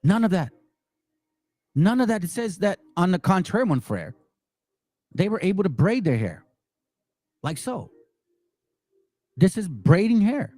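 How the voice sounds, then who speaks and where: An angry man holds forth in a high voice that leaps all over the place. He talks in a profane, mocking way and keeps repeating himself. The sound is dry and close, with no room echo. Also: big pitch swings, unhurried, pauses often, a little mellow. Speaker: religious commentary channel host. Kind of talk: heated monologue commentary.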